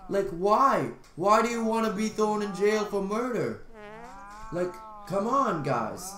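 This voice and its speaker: High-voiced young man in a roomy echo. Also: expressive, takes it slowly, sharp tone. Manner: rambling, jokey, talks to the game characters. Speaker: gaming channel host. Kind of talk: gameplay commentary.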